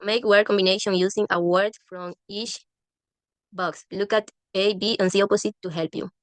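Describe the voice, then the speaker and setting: A woman reading a medical English textbook aloud, halting and often restarting words. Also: medium pitch, steady tone, no room sound.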